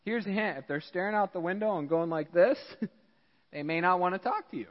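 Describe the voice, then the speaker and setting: An American man preaching a sermon as pastor, animated and acting out characters in dialogue. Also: high-pitched, brisk, long reverb tail, dull audio. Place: church.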